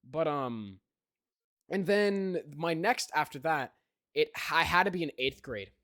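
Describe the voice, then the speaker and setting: A fairly high, bright, forceful voice comes from a teenage podcast host speaking animatedly but without hurry. He tells a rambling story in casual chat, full of fillers and "right?" check-ins. The recording is dry, with clean studio sound.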